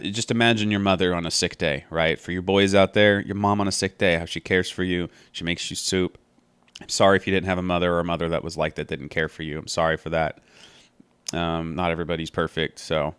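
Deep smooth-voiced man musing aloud. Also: fairly even intonation, a little fast, a bit bright, no room sound. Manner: thinking aloud, meandering and earnest. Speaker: Bible study podcaster. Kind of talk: casual spoken Bible commentary.

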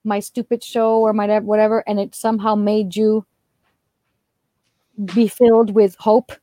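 A woman comedian telling stories as a guest in an animated, chatty way, laughing as she talks. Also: medium pitch, moderate pace, no room sound. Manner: expressive, chatty, laughs while talking. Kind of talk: animated storytelling.

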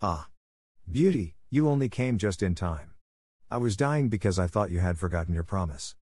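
A man doing a faint, gentle beast. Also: sits low, lively intonation, moderate pace, no echo, clean studio sound. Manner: soft, gentle. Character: gentle enchanted male beast, faint and weak. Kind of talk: audiobook reading.

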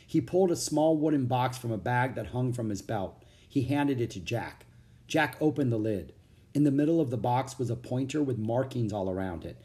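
A man reading a children's book aloud as audiobook narrator, with an expressive, animated storytelling manner. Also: medium pitch, normal speed.

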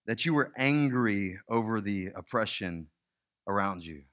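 A man's voice: on the low side, animated, unhurried, fairly bright tone. A male pastor preaching a sermon in a conversational, emphatic way.

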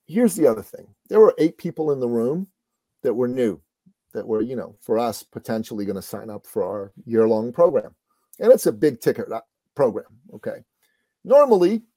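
A middle-aged man, a business coach, telling a motivational story in a lively conversational way. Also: on the high side, no room sound.

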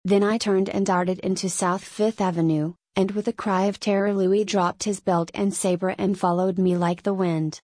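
Woman reading a dark tale aloud. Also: medium pitch, fairly even intonation, normal speed, few pauses, dry recording. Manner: dramatic reading, first-person storytelling. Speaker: audiobook narrator. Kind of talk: scripted narration of a dark literary tale.

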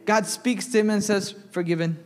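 A man's voice: high voice, a little slow, long reverb tail. A young man preaching a sermon in church, reading scripture aloud and asking the congregation questions. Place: church sanctuary.

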